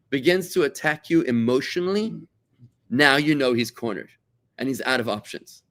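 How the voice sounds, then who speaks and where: A middle-aged man leads a Torah class as a rabbi. He talks in an animated, conversational way, often restarting and repeating words, and slips into quoted voices to act out his examples. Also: mid-range voice, normal speed. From South Africa.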